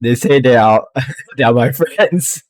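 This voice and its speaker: A man's voice: medium pitch, slow pace, dry recording, pitched above the performer's own voice, lightly acted. Man doing a shrugging little kobold go-between. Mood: eager. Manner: shrugging, talks in simple broken phrases. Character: small eager male kobold go-between, translating.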